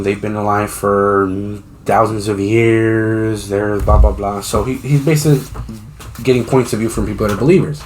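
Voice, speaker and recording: A man's voice: on the low side, slight background noise. A man hosting a podcast, retelling a story in a rambling, profane, casual way, acting out the people he quotes. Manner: acts out quoted voices while retelling. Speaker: podcast host. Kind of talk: casual chat.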